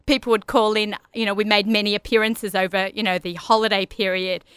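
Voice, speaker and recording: A woman in her forties from Australia, her accent softened by years in America, hosting a radio show with chatty enthusiasm. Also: mid-range voice, little pitch movement, fairly quick, smooth, dry recording, clean studio sound. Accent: Australian, softened by long US residence. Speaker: radio show host and personal chef. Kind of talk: solo radio show introduction.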